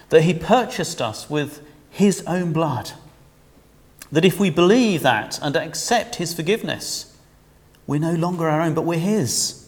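A man delivers a sermon in a chatty, conversational way, tossing rhetorical questions at his listeners. His somewhat high voice swoops up and down with lively animation. Long reverb trails behind every phrase. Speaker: preacher.

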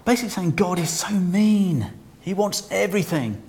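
Preacher with a slightly higher voice. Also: male voice, animated, normal speed, a little mellow. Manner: conversational, humorous, asking the congregation questions. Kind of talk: sermon.

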